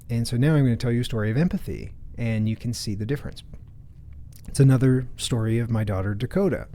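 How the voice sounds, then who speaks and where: Mellow-voiced man telling family stories. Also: mid-range voice. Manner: casual, with frequent restarts and asides. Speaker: podcast host. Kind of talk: storytelling podcast monologue.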